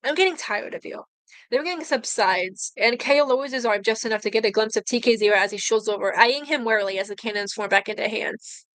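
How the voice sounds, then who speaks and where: A woman's voice: on the high side, quick pace, fairly bright tone, dry recording, low-quality recording. Woman reading fan fiction aloud. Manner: earnest, with stumbles and repeated words. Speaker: story reader. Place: bedroom at home.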